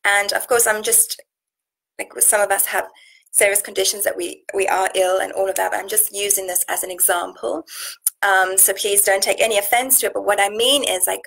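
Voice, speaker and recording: A South African woman, a nutrition coach, runs a casual live stream and reads out viewer comments. She talks in a chatty, earnest way, full of fillers and restarts. Her mid-range voice is steady, a little fast, creaky and slightly bright, and the audio quality is poor.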